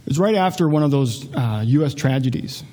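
A man preaching a Bible lesson in a conversational, animated way, with frequent rhetorical asides to the congregation. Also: mid-range voice, a little fast. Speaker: pastor. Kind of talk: Bible teaching.

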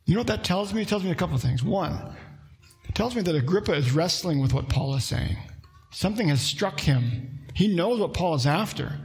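A man preaching a sermon as a pastor, with animated delivery that climbs into emphatic bursts and asides to the congregation. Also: high-pitched, fairly quick, faint music behind.

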